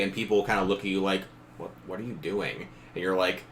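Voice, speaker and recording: A man's voice: sits low, fairly even intonation, moderate pace, slight background noise. A man narrating as game master in a casual tabletop session, laughing often and briefly acting out characters.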